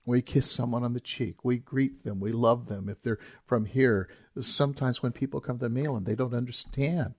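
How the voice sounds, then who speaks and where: A man's voice: mid-range voice, steady tone, normal speed, hardly any pauses. A man preaching a sermon as a pastor, talking in an earnest, emphatic way and repeating key phrases.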